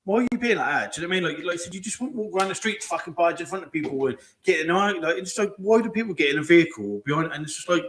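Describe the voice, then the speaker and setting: A man's voice: sits high, animated, rapid-fire, few pauses, fairly bright tone, slight background noise. A man, co-hosting a podcast, ranting in sweary casual chat and calling everyone mate. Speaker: podcast co-host. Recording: roomy echo.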